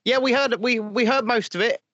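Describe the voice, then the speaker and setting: A man's voice: very high-pitched, fairly even intonation, a little fast, a bit bright, no echo, highs cut off. A man hosting a casual chat, blunt and opinionated. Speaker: host.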